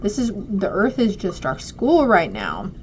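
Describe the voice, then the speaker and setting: A woman's voice: mid-range voice, huge pitch swings, unhurried, a little mellow, a little hiss or hum. A woman casually reading oracle cards to her viewers, addressing them directly and affectionately. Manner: affectionate, speaks straight to viewers. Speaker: oracle card reader. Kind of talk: casual spiritual card reading. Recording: dull lo-fi audio.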